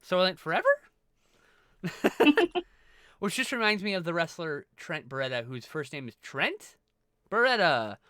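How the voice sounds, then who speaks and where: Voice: medium pitch, very animated, unhurried, long pauses, no room sound, studio quality. A live streamer chatting casually with viewers, thanking them and swearing freely. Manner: greets and thanks viewers warmly.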